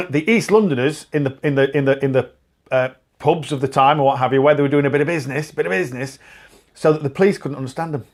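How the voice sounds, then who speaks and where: A man's voice: fairly high pitch, fast. A man from England co-hosting a podcast, bantering in a rambling, joking way with many restarts. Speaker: podcast co-host. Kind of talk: casual chat.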